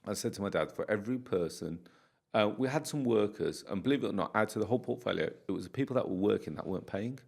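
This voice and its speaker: Uk guy on a podcast, low gravelly voice, tells stories and acts out what people said. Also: quick pace. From United Kingdom. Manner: animated storyteller, acts out dialogue. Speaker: podcast guest, property landlord. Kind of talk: casual podcast interview.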